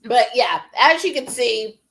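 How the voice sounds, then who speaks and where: A woman with a high voice co-hosting a cooking livestream. She chats casually, laughs often and reads out viewer comments. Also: expressive, measured pace, a bit bright. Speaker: co-host of a live cooking stream. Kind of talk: casual chat.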